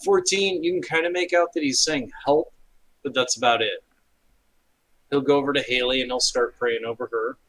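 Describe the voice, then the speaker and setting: A man narrating as game master of a tabletop game, relaxed and often pausing with fillers. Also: mid-range voice, rough recording. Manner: relaxed, hesitant with fillers, slips into quick character voices.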